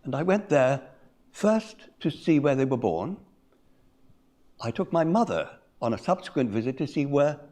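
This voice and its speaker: An older man telling a personal story at a conference, measured and reflective, with pauses. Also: medium pitch, darkish tone. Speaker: conference speaker. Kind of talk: personal story told in a talk.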